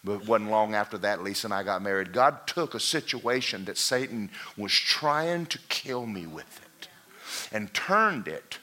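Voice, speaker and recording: A man preaching a sermon who tells a parable with animated storytelling and acts out the voices of its characters. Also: on the low side, normal speed, few pauses. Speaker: pastor.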